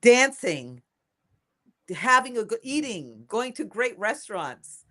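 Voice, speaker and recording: An older woman being interviewed as a guest, talking in a lively, emphatic way and repeating phrases for emphasis. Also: on the high side, takes it slowly. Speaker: inventor and guest. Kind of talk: casual interview.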